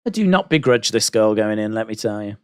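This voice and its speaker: A man's voice: lowish voice, expressive, fairly quick, smooth, no room sound, clean studio sound. A man hosting a wrestling watch-along stream, chatting and reacting with laughs and asides. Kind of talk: casual live-stream commentary.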